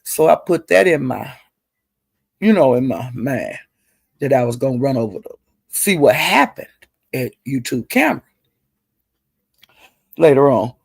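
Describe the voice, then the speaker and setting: A middle-aged woman telling gossip in a chatty, salty way, calling listeners honey and girl and jumping her pitch up high when she quotes people. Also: a little slow, creaky, pauses often, husky, dry recording. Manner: animated, jumps her pitch up high when quoting others. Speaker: online commentator. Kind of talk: casual gossip storytelling.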